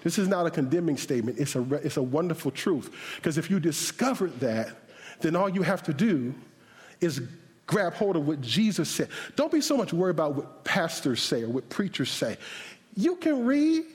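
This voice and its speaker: A male pastor preaching an animated, humorous sermon with shouted bursts, then praying in a softer voice. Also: a little high, moderate pace. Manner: closes in a softer prayer. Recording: reverberant hall.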